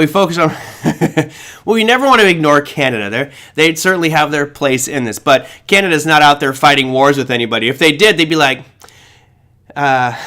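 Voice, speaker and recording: A man's voice: on the high side, a bit bright. Emphatic man giving casual market commentary. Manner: casual and emphatic, with exclamations and asides. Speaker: trading show host. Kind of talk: live market commentary walking through charts.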